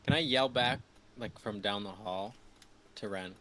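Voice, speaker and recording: A man's voice: on the low side, unhurried, pushed and bright. A man playing a tabletop game in a casual, laughing manner. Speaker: player.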